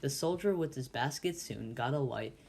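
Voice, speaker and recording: A man's voice: medium pitch, animated, normal speed, vocal fry, darkish tone. A man volunteer reading a classic novel aloud, with frequent stumbles and restarts. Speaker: volunteer reader.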